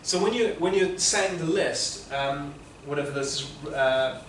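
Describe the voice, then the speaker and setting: A man teaching interpreting gives students patient, explanatory feedback in a classroom, restarting often. His voice sits on the high side, a bit bright and a little slow. He's captured from far off in an echoey room with slight background noise.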